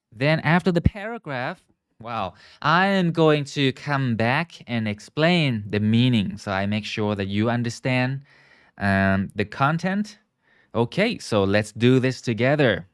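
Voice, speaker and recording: A man teaching English in a live online lesson, explaining words slowly, stretching key terms and often checking in with viewers. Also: medium pitch, no echo, studio quality. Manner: models pronunciation and asks viewers to repeat.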